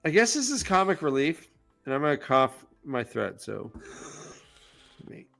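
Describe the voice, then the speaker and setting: A man co-hosting a casual book discussion, recapping the plot with jokey, animated asides. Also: on the high side, a little slow, vocal fry, soft background music. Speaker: podcast co-host.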